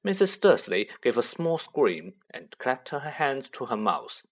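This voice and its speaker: Male audiobook narrator, mid pitch, wide lively melody. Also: measured pace. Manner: expressive, varied intonation. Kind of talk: scripted storybook narration.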